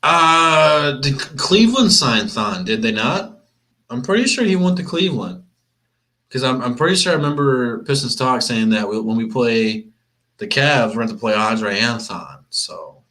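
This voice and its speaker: A man's voice: mid-range voice, lively intonation, normal speed, pushed and bright. A young man from Michigan hosting a live sports watch-party stream, chatting casually and rambling with plenty of restarts. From Flint, Michigan. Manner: rambling, chatty, laid-back, repeats himself. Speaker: sports livestream host.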